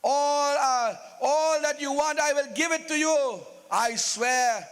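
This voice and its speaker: A man's voice: very high voice, slow, a bit bright, big-room sound, heavily acted. A sly scheming queen, as a man puts her on. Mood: coaxing.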